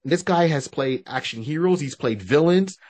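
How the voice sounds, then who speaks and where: A man's voice: fairly high pitch, expressive, normal speed, a little mellow, no room sound. Rambling man on a fan podcast. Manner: rambling, restarts often. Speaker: podcast co-host. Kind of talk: casual fan-casting chat.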